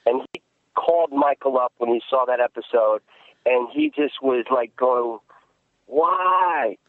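A male actor answering interview questions, talking haltingly with many restarts. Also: mid-range voice, dry recording. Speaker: actor guest. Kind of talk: interview over the phone. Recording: tinny phone line.

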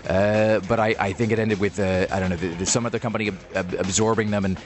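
A man hosting a radio talk show, chatting casually and quickly with many fillers and restarts. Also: fairly low pitch. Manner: fast-talking, animated, many fillers.

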